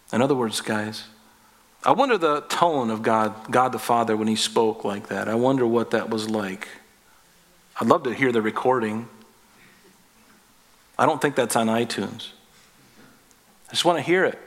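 A male pastor delivering a casual, conversational sermon. He is folksy and a little jokey, talking to the congregation like friends. On key points his voice climbs higher and presses harder. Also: a little slow, long pauses, fairly bright tone. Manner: folksy, jokey, rising in pitch and force on emphatic points.

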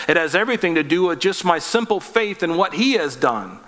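A man's voice: fairly high pitch, lively intonation, a little fast, hardly any pauses, fairly bright tone, big-room sound. A man preaching a sermon as pastor, earnest and emphatic, asking the listeners direct questions.

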